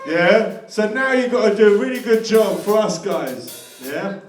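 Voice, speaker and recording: Casting: excitable hype man, very high and lively voice, calling shout-outs from far off in an echoey space with music. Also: a little slow. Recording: echoey live event, far from the mic.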